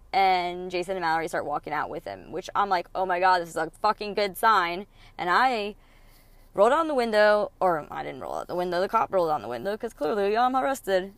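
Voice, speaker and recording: A woman's voice: mid-range voice, dry recording. A young woman hosting a podcast, telling a personal story with plenty of swearing and acting out the quoted dialogue. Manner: candid, swears freely, acts out quoted dialogue. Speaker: podcast host.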